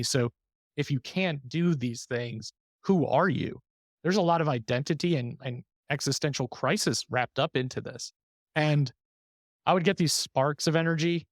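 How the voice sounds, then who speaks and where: A man's voice: medium pitch, no room sound, studio quality. A man hosting a podcast, talking openly and reflectively about his own struggles in a candid conversational way. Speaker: podcast host.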